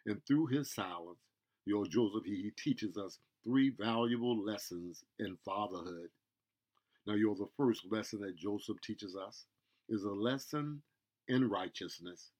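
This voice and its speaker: A man preaching a sermon in a slow, measured way, peppering his lines with "yo" and "y'all". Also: lowish voice, a little mellow.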